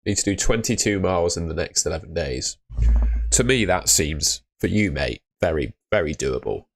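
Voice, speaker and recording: A man's voice: low voice, animated, moderate pace. A man hosting a casual live stream, chatting upbeat with viewers and greeting them by name. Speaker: livestream host.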